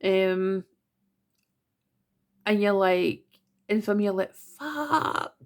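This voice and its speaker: A woman's voice: medium pitch, completely flat delivery, slow pace, a little mellow, clean tone. A Scottish woman giving a casual monthly tarot reading, chatty and self-mocking with giggly asides. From Scotland. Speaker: tarot reader.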